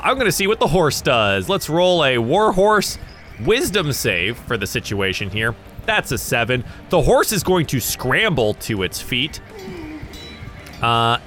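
A man from the American South narrating a tabletop game as game master, animated and chuckling between dice rolls. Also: a little high.

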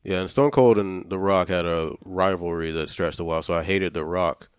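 Man, very deep smooth voice, easygoing and hesitant, dry close sound. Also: fairly even intonation, normal speed, no echo. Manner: easygoing, hesitant, lots of ums. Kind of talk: casual chat.

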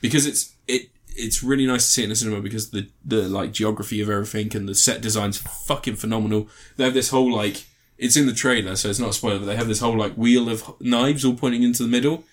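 A man in casual podcast chat about films, rambling and swearing, animated as he retells scenes. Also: lowish voice, fast talker, hardly any pauses.

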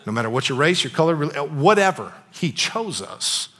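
A man pastor preaching in a church, telling a personal story in a casual, animated way, repeating phrases and checking in with "you know what I'm saying". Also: a little high, moderate pace.

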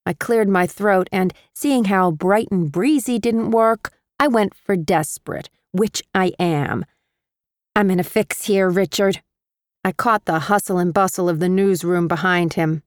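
A woman narrating an audiobook in the first person with wry, measured storytelling. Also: on the low side, no room sound.

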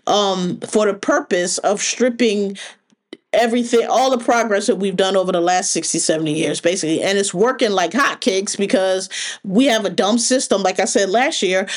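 A woman runs her own podcast as a solo rant. Her voice sits a little high. She talks bluntly and swears freely, with an exasperated edge that never lets up. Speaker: podcast host.

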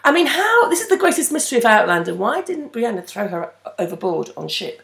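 A woman's voice: mid-range voice, sing-song, a little fast, gravelly, echoey room. A woman co-hosting a podcast, chatting casually and correcting details of a TV episode. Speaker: podcast co-host. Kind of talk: casual chat recapping a TV episode.

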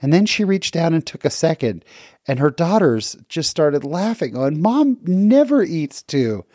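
A man's voice: fairly high pitch, lively intonation, normal speed, darkish tone, no room sound, clean studio sound. A middle-aged man telling a personal story in an earnest, reflective, conversational way.

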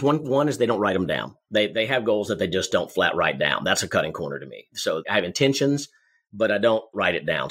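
A man with a husky, slightly low voice explains goal setting to salespeople. He talks in rapid, energetic bursts and often restarts or repeats words. The tone is conversational advice laced with stories. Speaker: sales coach guest.

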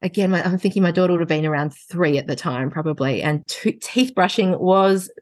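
A woman, a parenting educator and podcast guest, telling lively stories and laughing often. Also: lowish voice, a little fast, no room sound. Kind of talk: casual podcast conversation.

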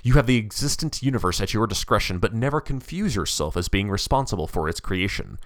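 A stern medieval poet's spirit preaches and scolds in a grand, sweeping voice, as a man acts him out. His pitch swings widely, with low, heavy endings. The recording is close and dry. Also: expressive, brisk, no echo. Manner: stern, preaching, with mocking laughs. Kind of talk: dramatic reading of a story.

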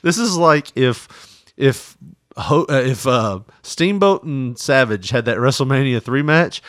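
A man's voice: mid-range voice, a little slow, no echo, clean studio sound. A man hosting a casual comedic chat. He laughs often and slips into mocking impressions. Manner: laughs a lot, animated, does mocking impressions.

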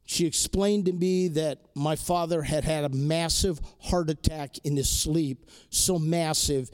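A man's voice: a little high, steady tone, measured pace, a little mellow. A man giving an inspirational talk to a live audience, telling a personal story with emphatic repetition. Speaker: speaker addressing an audience.

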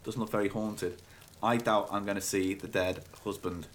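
A man's voice: fairly low pitch, fairly even intonation, moderate pace, slight background noise. A man co-hosting a comedy podcast, teasing and skeptical, questioning his partner's tall tales with incredulous jokes. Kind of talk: improvised comic banter.

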